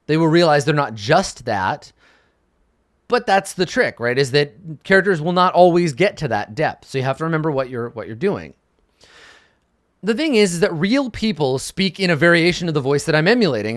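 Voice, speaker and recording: A man's voice: on the high side, fairly bright tone, dry recording, clean studio sound. A young adult man, a game master, giving casual advice to camera in a thoughtful way, often checking in with "right?".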